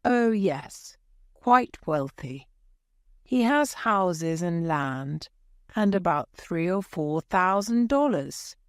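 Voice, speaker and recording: A woman's voice: fairly low pitch, animated, takes it slowly, clear, resonant tone, no room sound, studio quality. A woman voicing an eager young man explaining family news in a storybook reading. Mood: earnest.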